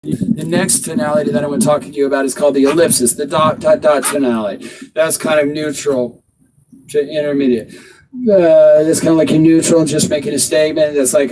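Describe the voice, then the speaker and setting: A man's voice: on the high side, steady tone, fairly quick, noisy background. A man giving blunt, profane dating advice as a coach, talking casually to the camera outdoors. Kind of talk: casual instructional talk to camera.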